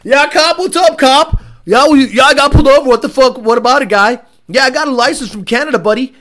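A man's voice: very high-pitched, quick pace, a bit bright, pitched above the performer's own voice. A man voicing a cocky young male speeder who taunts a police officer in a brash, profane way. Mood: taunting.

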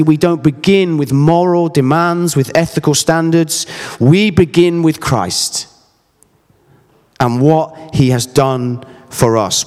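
A man's voice: fairly high pitch, a little mellow, long reverb tail. A man in his thirties preaching a sermon, earnest and emphatic, mixing scripture with personal stories. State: briefly emotional.

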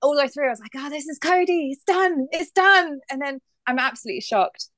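Brief: high female guest voice, dry close sound, bubbly. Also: fairly quick, fairly bright tone, no echo. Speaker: podcast guest. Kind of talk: casual review chat.

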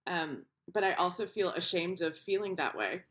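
A woman co-hosting a podcast in casual chat, telling animated stories and acting out quoted voices. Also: fairly low pitch, normal speed. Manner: animated storyteller, acts out quoted voices, laughs often. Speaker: podcast co-host.

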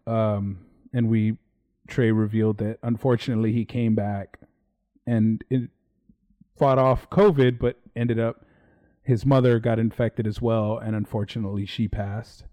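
Man, warm mellow voice, casual livestream host, rambling. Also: lowish voice, little pitch movement, measured pace. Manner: casual, rambling, swears offhandedly. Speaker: podcast host.

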